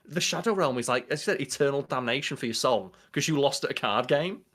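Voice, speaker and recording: A young adult man co-hosts a podcast, chatting and riffing casually with plenty of swearing. His voice sits at medium pitch, a bit bright, with lively intonation and a fast pace.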